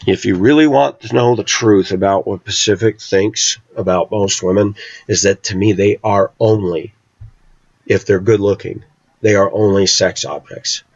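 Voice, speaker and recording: Middle-aged man, low voice, intense, emphatic, dull lo-fi sound, dry. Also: moderate pace, vocal fry, breathy edge, no room sound. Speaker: vlogger. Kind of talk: opinionated monologue.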